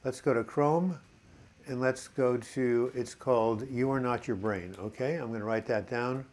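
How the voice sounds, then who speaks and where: A man's voice: mid-range voice, unhurried, a little mellow. A man hosting a casual live video chat, reading out viewers' comments and answering them in a rambling, encouraging way. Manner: chatty and rambling, reads viewer comments aloud; encouraging, addresses viewers as boys and girls.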